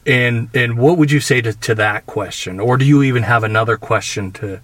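A man's voice: mid-range voice, fairly quick, fairly bright tone, a little hiss or hum. A man hosting a podcast, talking casually and agreeing often with his guest. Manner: casual, agreeable, frequent affirmations. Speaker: podcast host. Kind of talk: conversational podcast talk.

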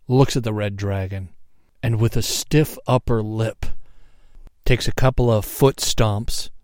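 A man narrates a guided visualization story in a low, very unhurried voice. He talks casually, checks in often and gives soft chuckles, and the sound is close and dry. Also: no echo. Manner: casual, repeats "right?", chuckles softly.

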